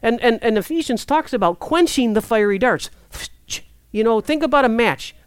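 A woman preaching a sermon in a conversational, lively way, acting out prayers and inner thoughts. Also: a little high, normal speed, clean tone, no echo, studio quality.

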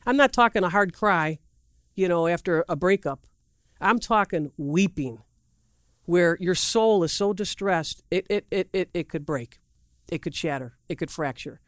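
Preacher, mid-pitched, dry close sound, rambling animated sermon storytelling with acted quotes. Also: a little slow, no room sound. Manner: asks the audience questions directly; loose, rambling delivery with restarts and asides.

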